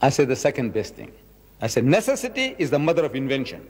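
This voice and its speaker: A man's voice: medium pitch, wildly swooping pitch, fast. A man gives a dramatic public lecture, acting out dialogues and firing rhetorical questions. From South Africa. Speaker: Islamic lecturer. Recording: reverberant lecture hall.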